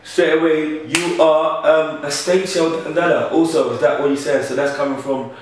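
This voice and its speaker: A London man asks questions in a loose, slangy, relaxed manner. His mid-pitched voice sits well back from the mic. The room around him is very echoey. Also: moderate pace, slight background noise. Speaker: interviewer. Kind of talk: casual interview chat. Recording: roomy echo from a distant mic.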